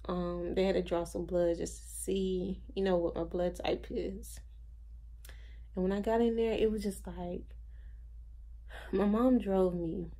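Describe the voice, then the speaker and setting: A woman's voice: on the low side, steady tone, a little slow, pauses often, mellow. A tired, drained young woman rambling through a personal video diary at home, full of fillers. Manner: rambling, filler-heavy storytelling. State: tired, low energy. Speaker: vlogger. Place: at home, indoors.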